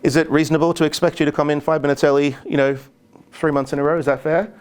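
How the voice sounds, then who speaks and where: A man giving an interactive stage talk, quizzing the audience with brisk, encouraging check-ins. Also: on the high side, little pitch movement, smooth. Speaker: speaker.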